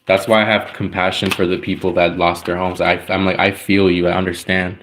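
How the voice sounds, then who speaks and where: A man's voice: low voice, flat delivery, a little fast, a bit bright. A man telling a personal story in casual, rambling talk, full of likes and restarts. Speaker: tarot reader.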